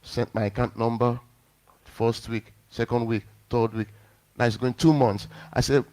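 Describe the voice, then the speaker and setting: Male pastor, sermon, personal story, animated, middle pitch. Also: a little fast. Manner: animated storyteller acting out quotes.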